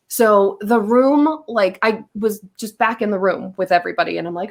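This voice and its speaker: A woman's voice: on the high side, normal speed. A woman guest on a podcast, telling a long story in casual chat, acting out her own quotes with lots of fillers.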